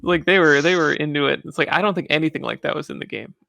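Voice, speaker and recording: A man hosting a podcast, telling animated stories and laughing often. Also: a little high, quick pace, gravelly, no echo, highs cut off. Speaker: podcast host. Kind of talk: casual chat.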